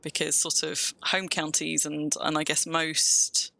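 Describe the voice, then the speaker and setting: A woman's voice: low-pitched, little pitch movement, a little slow, vocal fry, pushed and bright, no echo. A woman with a southern English accent, chatting casually on a live stream while she plays, rambling and restarting her sentences. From England.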